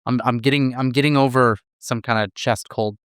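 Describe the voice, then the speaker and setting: A man's voice: mid-range voice, fairly even intonation, normal speed, fairly bright tone, smooth, dry recording, studio quality. An American man co-hosting a podcast, explaining things casually and with enthusiasm. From USA. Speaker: podcast co-host.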